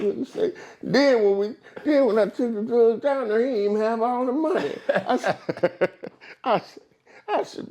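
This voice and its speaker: A man in casual conversation telling long, animated stories, acting out quoted voices and often stumbling over and repeating words. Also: high-pitched, measured pace. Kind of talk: casual storytelling chat.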